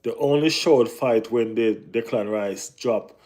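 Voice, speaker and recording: A man hosting a casual live football chat, talking in an animated way with lots of slang and repeated phrases. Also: medium pitch, unhurried. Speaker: football channel host.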